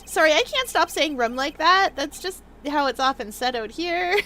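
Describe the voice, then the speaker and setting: Woman game streamer, high lively voice, laughs a lot, bright tone. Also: fairly quick, faint music behind. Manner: giggly, animated. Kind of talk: casual gaming commentary.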